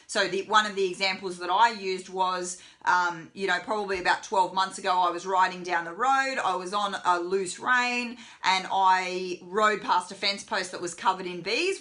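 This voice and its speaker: A woman's voice: medium pitch, bright, forceful tone. A woman horsemanship trainer giving a casual live lesson, chatty with lots of fillers. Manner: chatty, many fillers, voices the horse's thoughts.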